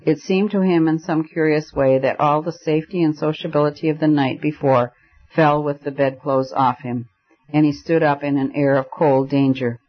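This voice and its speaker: A man's voice: fairly high pitch, steady tone, normal speed. Man narrating an audiobook, lo-fi sound. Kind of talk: scripted narration. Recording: dull lo-fi recording.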